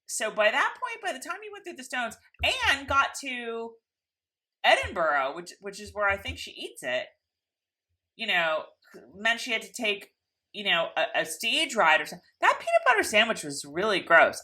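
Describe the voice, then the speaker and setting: A woman chats her way through a TV episode recap in a bright, ringing voice. Her pitch rises and falls a lot as she rambles and mimics the characters. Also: big pitch swings, normal speed. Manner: chatty, rambling, acts out characters' lines. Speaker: podcast co-host. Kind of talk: casual TV recap chat.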